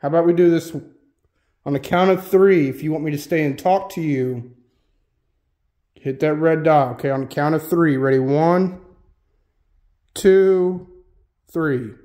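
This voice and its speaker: A man's voice: on the high side, a little slow, pauses often, dark tone. A man hosting a solo ghost-hunting vlog, casually calling out questions to spirits inside an old schoolhouse. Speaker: solo ghost hunter host. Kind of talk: paranormal investigation vlog. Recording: echoey room.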